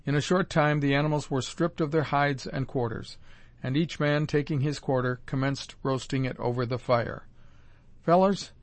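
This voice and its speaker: Measured male audiobook narrator, dry sound. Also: mid-range voice, fairly even intonation, no room sound. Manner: measured, formal storytelling. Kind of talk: first-person audiobook narration.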